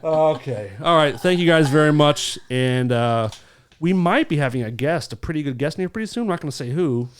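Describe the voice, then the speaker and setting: A man's voice: on the high side, lively intonation, a little fast, slight background noise. A man hosting a podcast in casual comedic chat, joking, profane and laughing often. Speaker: podcast host.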